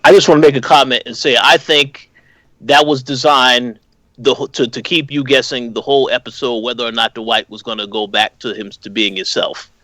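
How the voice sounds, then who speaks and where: Male co-host, bright voice, dry sound, hesitant and full of restarts. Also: medium pitch, steady tone, normal speed, dry recording, low-quality recording. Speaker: podcast co-host. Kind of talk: casual podcast chat.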